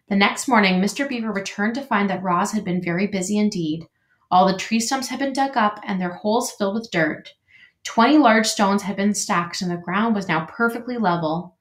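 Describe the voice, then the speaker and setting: A woman teacher reading a storybook aloud to her class with clear, steady storytelling, in an echoey room. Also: mid-range voice, moderate pace.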